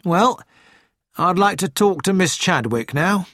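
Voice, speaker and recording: A man's voice: sits high, lively intonation, measured pace, fairly bright tone, no echo, clean studio sound, pitched above the performer's own voice. A man reading aloud as a grave, gloomy male police inspector asking questions.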